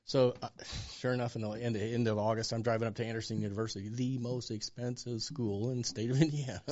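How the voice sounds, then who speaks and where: Pastor in his sixties, animated storyteller voicing the other people in his stories, dull mic sound. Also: mid-range voice, quick pace. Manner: animated storyteller acting out dialogue. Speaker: pastor and guest. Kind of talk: storytelling interview.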